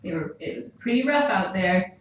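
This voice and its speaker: A woman's voice: medium pitch, lively intonation, moderate pace. A woman cooing and half-whispering to kittens while chatting casually on a live stream. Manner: soft cooing baby talk, often whispered. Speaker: cat rescuer streaming live. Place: room with kittens. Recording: echoey room, far from mic, faint noise.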